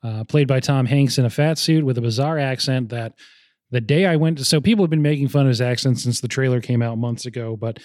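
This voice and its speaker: A man hosting a movie podcast in relaxed chat, rambling along and restarting his sentences. His pitch sits in a middle range, and the sound is dry and close. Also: brisk, dry recording. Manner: chatty, rambling, frequent restarts. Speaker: podcast host. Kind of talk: casual chat about movies.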